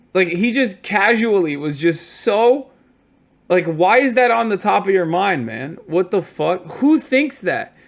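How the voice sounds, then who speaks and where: A tired man streaming from a hotel room, telling stories in a casual, profane, animated way. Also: sits high. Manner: profane, animated storytelling with mock quotes.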